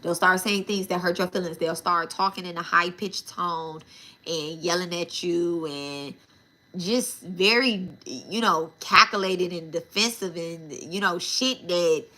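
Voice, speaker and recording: A woman's voice: on the low side, measured pace, pushed and bright. A woman telling a story casually and animatedly, with a lot of profanity and asides to her viewers as y'all. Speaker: spiritual channel host.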